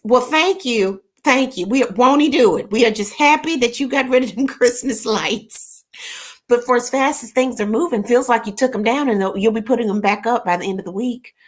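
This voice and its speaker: A woman hosting a casual live chat, telling stories animatedly and greeting viewers by name. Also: on the high side. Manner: animated storytelling with laughs and rising exclamations. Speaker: host of a live show reading viewer comments.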